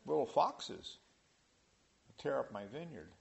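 A man preaching a sermon in an animated way, rising to loud emphasis. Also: mid-range voice, slow pace, vocal fry. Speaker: pastor.

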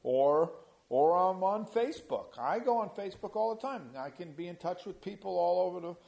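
A man preaching a sermon in an animated way, rising to loud emphasis. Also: high-pitched, normal speed, creaky, muffled recording. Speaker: pastor.

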